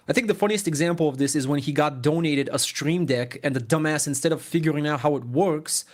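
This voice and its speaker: A man reading out a sarcastic, deadpan roast of a streamer as a listener message. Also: fairly high pitch.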